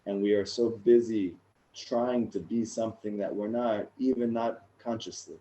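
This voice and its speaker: A man in his thirties, a rabbi, sharing his own story in a casual, animated talk that gets louder and higher in the funny parts. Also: normal speed, rough recording. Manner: animated storyteller, rising and loud in funny moments. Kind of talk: casual personal talk to a group.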